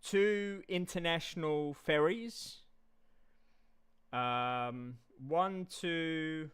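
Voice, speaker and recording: A man's voice: on the high side, very slow, a bit bright, clean tone. A man rambling casually on a live stream, repeating himself and talking straight to his chat.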